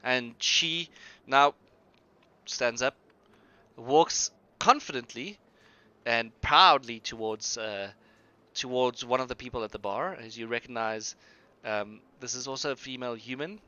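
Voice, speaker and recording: A man runs a tabletop game on a live stream, narrating in a rambling, hesitant way. His voice is very bright and crisp. The audio is dry and slightly dull, with a lo-fi sound. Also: medium pitch, measured pace, long pauses, dry recording. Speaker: game master.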